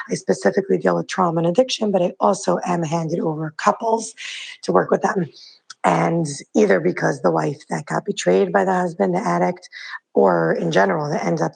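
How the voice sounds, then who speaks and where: A hoarse woman in her thirties leaving a rambling, chatty voice note on her phone. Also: lowish voice, rough recording. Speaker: listener sending a voice note. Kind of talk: casual voice note. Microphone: phone voice message.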